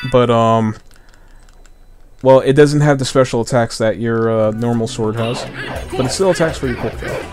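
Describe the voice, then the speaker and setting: A man's voice: medium pitch, darkish tone. Chatty man narrating a video game. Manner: chatty, rambling with restarts and laughs. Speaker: host. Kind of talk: casual gameplay commentary. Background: game music.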